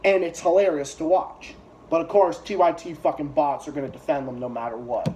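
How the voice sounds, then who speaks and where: A man's voice: on the high side, steady tone, brisk, darkish tone. A man giving a heated, profane reaction rant to video clips, talking as a YouTube commentator.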